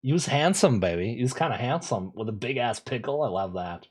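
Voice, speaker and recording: A young man streaming a game, chatting casually with viewers in relaxed slang, repeating phrases and laughing often. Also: mid-range voice, brisk, husky. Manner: laid-back slang, lots of laughing and repeating himself. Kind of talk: casual gameplay streaming, reading chat.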